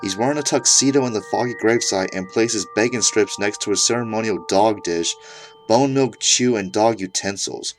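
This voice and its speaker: A man's voice: on the low side, normal speed, soft background music. A man narrating an absurd comedic horror story in a mock-serious tone.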